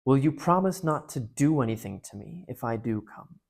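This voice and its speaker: A man's voice: medium pitch, expressive, moderate pace, vocal fry, darkish tone. A man reading aloud and voicing a frightened schoolgirl who talks in an anxious, pleading way.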